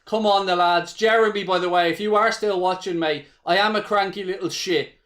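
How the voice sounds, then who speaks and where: Excitable high-voiced Irish fan commentator. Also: male voice, brisk. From Ireland. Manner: excitable, swears freely, chats with viewers. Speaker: watchalong host.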